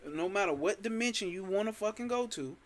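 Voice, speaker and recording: A man's voice: high voice, animated, a little fast, a little hiss or hum. A man teaching a spiritual text in a casual, emphatic way, repeating lines and cursing freely. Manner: emphatic, repetitive, sprinkled with profanity. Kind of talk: casual spoken commentary on a scripture.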